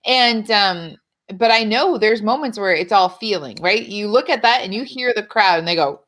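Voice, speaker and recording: A woman in casual chat, telling animated stories, acting out quoted lines, swearing and laughing often. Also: medium pitch, normal speed. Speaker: podcast guest.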